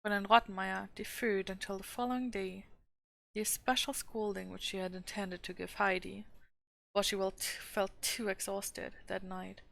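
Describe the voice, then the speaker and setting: A woman reads a classic children's novel aloud in a calm, steady storytelling voice. Her tone has a noticeable gravelly fry at mid pitch. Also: normal speed. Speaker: streamer reading a novel aloud.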